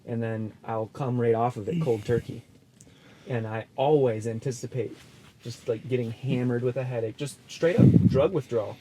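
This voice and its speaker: A man's voice: medium pitch, normal speed, dark tone, slight background noise. A young man co-hosting a podcast, rambling in laid-back casual chat from an ice fishing shelter. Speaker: podcast co-host.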